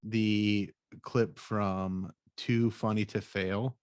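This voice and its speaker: A man's voice: on the low side, little pitch movement, very slow, darkish tone, smooth, dry recording, clean studio sound. A man hosting a comedy podcast, chatting casually, rambling with lots of fillers and laughing often. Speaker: podcast host. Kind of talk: casual chat.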